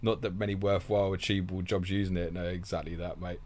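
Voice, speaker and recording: A low-voiced English man, young adult, runs a casual fantasy football live stream from a close desk mic. He reads viewer questions aloud and answers with blunt, chatty banter, calling everyone mate and swearing casually. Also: little pitch movement, quick pace, a little mellow.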